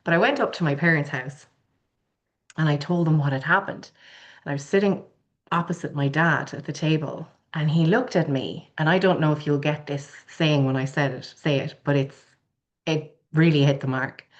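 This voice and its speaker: A middle-aged Irish woman with a notably low voice shares a personal story as a podcast guest. She speaks with animated, heartfelt candor. The sound is a little dull and lo-fi. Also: normal speed. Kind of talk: personal storytelling in casual chat.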